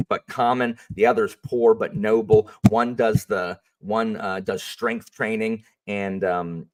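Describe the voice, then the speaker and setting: A low-pitched man talks casually about his teaching, animated and rambling, with plenty of fillers. He sits at some distance from the microphone. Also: unhurried. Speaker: history teacher. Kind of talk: casual storytelling chat.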